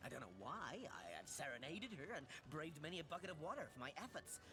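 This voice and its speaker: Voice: mid-range voice, sing-song, fast talker, natural voice. An actor voicing a lovesick talking cat in a video game, earnest and plaintive. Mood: lovelorn.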